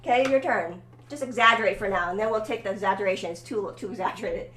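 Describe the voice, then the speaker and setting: A woman with a mid-range voice talks fast while giving a one-on-one violin lesson, coaching and encouraging her student and often checking in with "okay?". The room is echoey, with loud music behind her voice and faint violin playing in the background.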